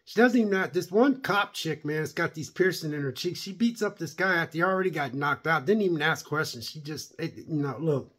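A man's voice: on the high side, fairly quick, hardly any pauses, a bit bright, slightly rough. A man giving a rambling, blunt, opinionated spoken review of a TV series. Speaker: show reviewer.

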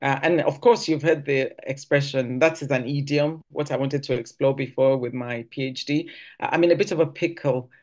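A woman giving a conversational teaching talk at church, acting out quoted phrases with sudden jumps in pitch. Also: fairly even intonation, normal speed, darkish tone. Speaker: church speaker.

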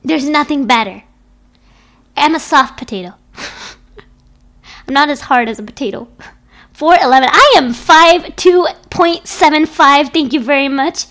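A woman's voice: sits high, measured pace, long pauses, fairly bright tone. A young woman streaming from home into a desk microphone, chatting casually and playfully with her viewers, often giggling.

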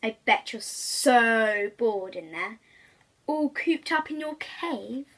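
A sly storybook wolf that sweet-talks and coaxes, persistent and hungry, put on by a woman reading aloud. The voice swoops high then drops, slightly breathy. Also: expressive, takes it slowly, a bit bright, full character voice. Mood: coaxing. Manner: wheedling, sweet-talking.

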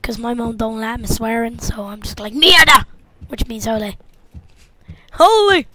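A woman's voice: on the high side, little pitch movement, a little fast, slight background noise. A woman playing a horror game, goofy and jumpy, muttering and whispering to herself and shrieking at the scares. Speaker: gamer. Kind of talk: horror let's-play commentary.

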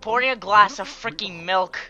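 Bright-voiced woman playing a game. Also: medium pitch, normal speed, highs cut off. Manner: excitable, giggly, playful voices. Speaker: let's play gamer. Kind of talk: casual gameplay commentary. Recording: faint game music behind.

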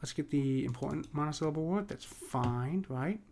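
A man's voice: fairly high pitch, a little mellow, slight background noise. Guy teaching poetry meter, casual and chatty, says "right?" a lot, faint keyboard clicks in the background. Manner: talks through steps with frequent "right?" and fillers; reads verse lines slowly and deliberately. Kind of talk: casual explanatory lesson.

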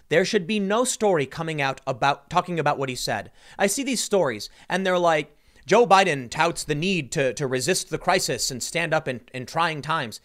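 A man hosting a casual political commentary show, talking in an animated, incredulous way with many restarts. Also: a little high.

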